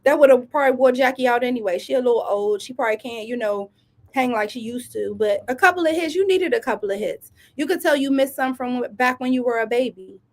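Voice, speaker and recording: Woman, sassy commentary host, fairly high voice, emphatic and animated. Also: quick pace. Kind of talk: casual reaction commentary.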